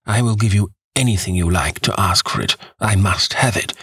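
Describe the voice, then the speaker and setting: A man reading aloud, voicing a witty, cynical gentleman with a slow, amused drawl. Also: lowish voice, slightly rough, dry recording, studio quality, full character voice. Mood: languid.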